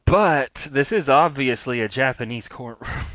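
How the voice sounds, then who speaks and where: A streamer giving blunt, candid live game commentary, swearing freely. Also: medium pitch. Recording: stream audio with game music behind.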